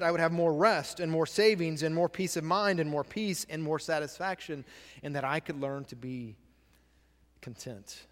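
A man's voice: fairly high pitch, moderate pace, a bit bright, in a large hall. A male pastor giving a sermon, repeating key phrases and asking the congregation questions. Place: church sanctuary.

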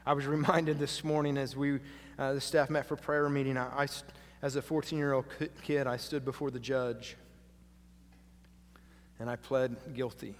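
A man preaching a sermon as pastor, dropping to hushed lines and rising to loud, emphatic ones. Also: mid-range voice, little pitch movement, normal speed, slight background noise. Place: church sanctuary. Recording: long hall reverb.

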